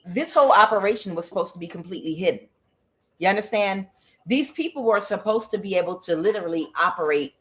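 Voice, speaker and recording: Emphatic tarot reader, halting fillers. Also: medium pitch, rough recording. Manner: emphatic, repetitive, with swearing; hesitant fillers between phrases. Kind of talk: tarot reading monologue.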